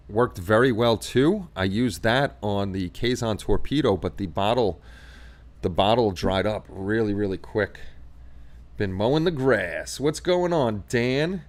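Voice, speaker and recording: An American man hosting a casual hobby livestream, chatting and joking while he paints models. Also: lowish voice. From United States. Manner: chatty and joking, laughs often.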